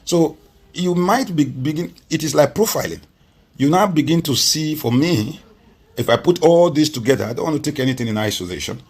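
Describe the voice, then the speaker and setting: Husky Nigerian man, emphatic pundit. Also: on the high side, lively intonation, fairly quick, a little mellow. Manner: emphatic, rhetorical repetition. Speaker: political commentator guest. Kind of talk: TV interview commentary.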